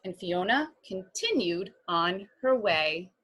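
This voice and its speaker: Teacher lady reading a storybook aloud, slow and lively, chatty asides. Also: fairly low pitch, husky. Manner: animated, asides to listeners. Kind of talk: reading a picture book aloud to children.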